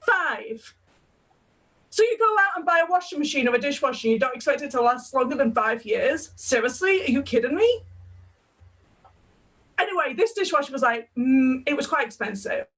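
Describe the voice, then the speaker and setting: A woman's voice: sits high, expressive, moderate pace, fairly bright tone, rough recording. A young woman from the UK hosting a sewing podcast, chatting casually with her mother and laughing often. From United Kingdom. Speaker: podcast host.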